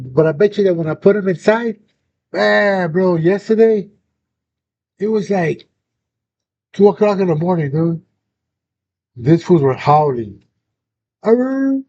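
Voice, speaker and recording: A young man hosts a casual chat, telling a story in slang and swearing freely. His voice sits a little high but sounds mellow and dark. The recording is dull and lo-fi, with a faint rumble underneath. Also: unhurried, long pauses. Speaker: host.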